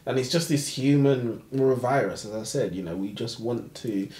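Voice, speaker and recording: A man's voice: mid-range voice, normal speed, dark tone, echoey room. A young man co-hosting a casual book chat, joking and laughing a lot in slangy speech. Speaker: book podcast co-host.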